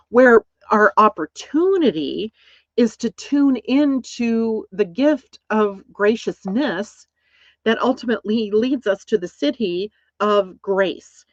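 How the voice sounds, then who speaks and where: A woman's voice: medium pitch, no room sound. Woman explaining astrology in a dull, dry recording. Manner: reflective, often checks in with "right?". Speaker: astrology teacher. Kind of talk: casual explanatory talk.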